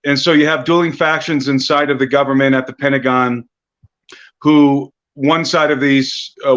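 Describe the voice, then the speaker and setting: A male guest researcher giving long, earnest explanations in an interview. His voice sits in a middle pitch, and his audio comes through dull and lo-fi from a remote connection. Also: a bit bright. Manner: earnest, explanatory, with restarts and fillers. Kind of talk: interview answers.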